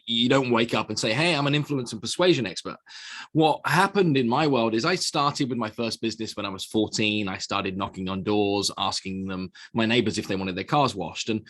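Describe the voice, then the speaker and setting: A middle-aged man from the United Kingdom, with an accent mixing British and American, tells his story as a guest on a conversational podcast recorded in a small office studio. He's a sales speaker with a voice on the low side, an animated storyteller who keeps repeating words and restarting.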